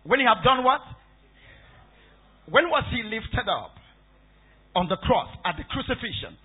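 A man's voice: very high-pitched, very animated, measured pace, slightly rough. A man preaching a Bible-study sermon, repeating points and quizzing the congregation with questions. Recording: tinny phone-like recording.

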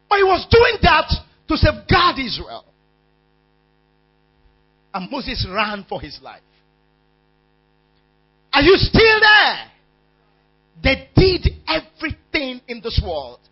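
A man preaching a sermon, calling out questions to the congregation and shouting key words. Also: very high voice, breathy edge. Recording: dull lo-fi sound with mains hum.

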